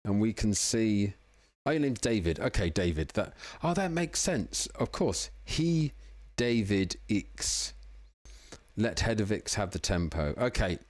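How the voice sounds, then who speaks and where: A man's voice: fairly low pitch, sing-song, measured pace, darkish tone, no echo. A man hosting a casual live music-making stream from home, chatty and self-deprecating, a little tipsy. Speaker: livestream music producer host. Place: home room in the evening.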